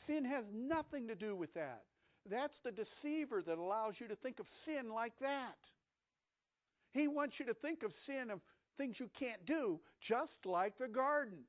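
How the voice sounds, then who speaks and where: Emphatic high-voiced male preacher, tinny audio. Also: animated, normal speed. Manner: emphatic, swings between raised and hushed delivery. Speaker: pastor. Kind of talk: sermon. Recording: tinny phone-like audio recording.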